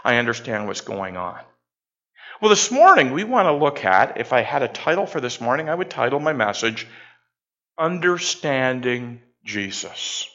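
Jokey pastor preaching. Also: male voice, mid-range voice, very animated, moderate pace, fairly bright tone. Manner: jokey, conversational, with call-and-response prompts. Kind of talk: sermon. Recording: dull lo-fi sound.

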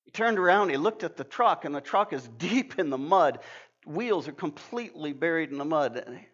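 A man's voice: a little high, lively intonation, moderate pace, fairly bright tone. An older man preaching a sermon, earnest and emphatic, telling stories with frequent restarts. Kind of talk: sermon with storytelling. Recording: dull lo-fi sound.

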